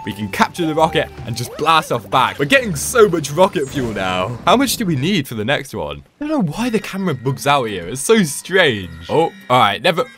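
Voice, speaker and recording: A young man giving excitable, playful commentary while playing a video game, exclaiming often. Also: medium pitch. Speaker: gaming video creator.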